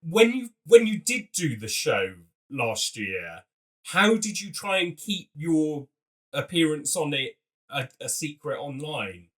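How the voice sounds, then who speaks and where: Man, podcast host, enthusiastic, playful, bright tone, a bit off-mic. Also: a little high, sing-song, slow, distant mic. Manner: upbeat, enthusiastic, playful segues. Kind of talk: casual interview chat.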